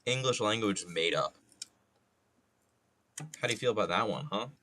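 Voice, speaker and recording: A young man talks loosely to his stream audience as he works on a sculpture. His lowish voice has a bright, forceful edge, and he rambles, swears freely and drops jokey asides. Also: animated, moderate pace, a little hiss or hum. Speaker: art streamer. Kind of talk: casual chat while sculpting on a livestream.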